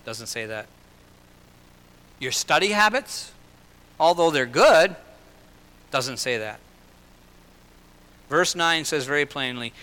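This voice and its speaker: A man preaching a sermon in an earnest way, slowing and lifting his voice for emphasis and dropping into personal asides. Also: a little high, expressive, bright, forceful tone. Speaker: pastor. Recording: long hall reverb.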